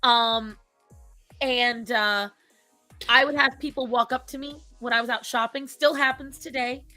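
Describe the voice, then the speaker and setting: A woman's voice: fairly high pitch, fairly even intonation, unhurried, sharp tone, no room sound, soft background music. A woman with a thick Rhode Island accent, telling stories in casual chat, laughing often and swearing freely. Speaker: podcast co-host.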